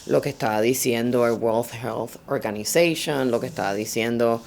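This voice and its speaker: A woman's voice: very deep voice, a little fast, vocal fry, darkish tone, a little hiss or hum. A middle-aged woman, telling her story in an oral history interview and switching between Spanish and English.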